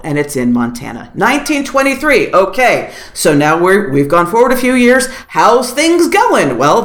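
A woman podcast host talking in casual chat, recapping with sarcasm and a lot of profanity. Her voice swoops up and down with lively energy, and the sound rings a bit in a roomy, echoey space. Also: medium pitch. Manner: animated, sarcastic, profane storytelling. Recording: roomy echo.

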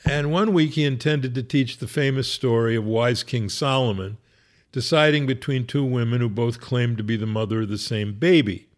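A man's voice: mid-range voice, moderate pace. A man who is a rabbi, wryly telling a humorous personal story in a conversational way. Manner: wry, conversational, laughs at his own story.

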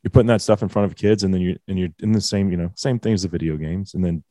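A man's voice: low voice, steady tone, fast, warm tone, dry recording, studio quality. A man in his forties ranting bluntly and with strong opinions in casual podcast chat. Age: 40s.

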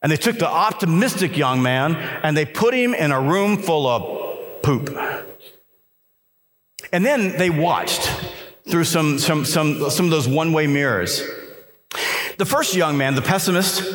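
A man giving an energetic motivational speech to a live audience in a conference hall, telling stories and urging listeners to work hard. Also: a little high. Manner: energetic storytelling with repeated restarts and emphatic exhortations. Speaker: motivational keynote speaker.

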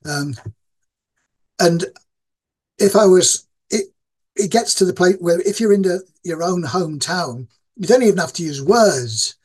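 A man from Yorkshire with a Yorkshire accent, a professor talking as a guest, pausing often with ums. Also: sits high, expressive, a little mellow, slightly rough, rough recording. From Yorkshire, England. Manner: thoughtful, many ums and restarts. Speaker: guest, game design professor. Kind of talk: casual interview chat.

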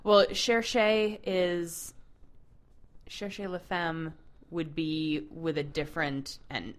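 Animated woman podcast co-host, lowish voice. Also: slow. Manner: animated storyteller, enthusiastic. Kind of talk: casual chat.

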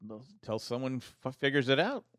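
A man's voice: medium pitch, big pitch swings, fairly quick, fairly bright tone, no echo. Rambling man recapping a western show. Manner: rambling, many restarts, retells scenes. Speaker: podcast host recapping a TV western. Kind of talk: casual chat.

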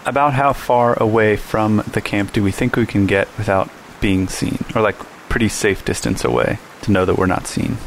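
A man's voice: on the low side, vocal fry, slight background noise. A man playing a tabletop game, easygoing as he plans the party's moves in casual chat. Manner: easygoing, gives quick plans with small restarts. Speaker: player.

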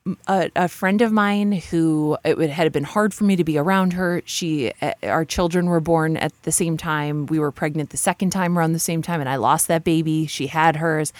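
Frank, low-pitched woman telling her story. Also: fairly even intonation, normal speed, few pauses, no echo. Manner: frank, profane, self-deprecating, many fillers and restarts. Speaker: guest. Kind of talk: candid conversational storytelling.

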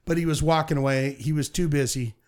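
Profane storytelling man, higher voice. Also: a little fast, a little mellow, clear, resonant tone. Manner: profane, storytelling with acted-out quotes. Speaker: podcast co-host. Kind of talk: casual podcast chat.

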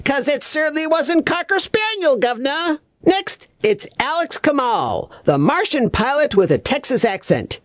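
Clueless male reviewer, voiced by a woman: chirpy, lively sing-song pitch, dry close sound, absent-minded babble. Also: moderate pace, no echo. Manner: chirpy, absent-minded, malapropisms and doubled words. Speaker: comedic reviewer. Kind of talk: scripted comedy monologue.

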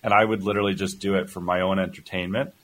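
A man's voice: sits low, little pitch movement, quick pace, a bit bright, slight background noise, rough recording. A man co-hosting a podcast, chatting casually in a playful, rambling way with many restarts. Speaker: co-host. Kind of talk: casual chat.

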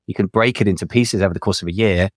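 A man's voice: low-pitched, fast, dry recording, clean studio sound. A man chatting on a business podcast, giving advice in a casual, thinking-aloud way. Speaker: podcast co-host, business adviser.

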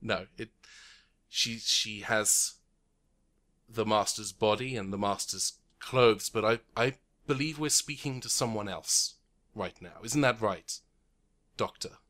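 A man voicing a gracious, shrewd woman prime minister of an alien council in a tabletop game, speaking softly and courteously. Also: on the low side, takes it slowly. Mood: knowing.

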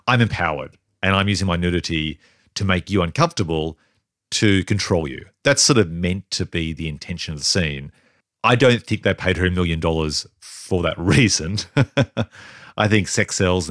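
A man with a low voice talks through a film in a relaxed podcast chat. He is animated and laughs often, and he thinks aloud as he goes. The sound is dry and close. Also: normal speed, no echo. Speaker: podcast co-host. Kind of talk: casual film discussion.

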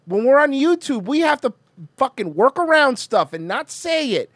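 Man, podcast host, high voice, very lively delivery, profane ranting, dry close sound. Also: normal speed, dry recording. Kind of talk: casual chat, reacting to clips.

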